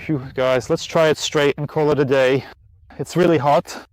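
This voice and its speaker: A man's voice: on the high side, fairly even intonation, moderate pace, dry recording. A man hosting an outdoor riding lesson, out of breath and tired, chatting in an encouraging way. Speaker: riding instructor and host. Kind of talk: casual outdoor lesson vlog. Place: outdoors at a riding spot in the heat.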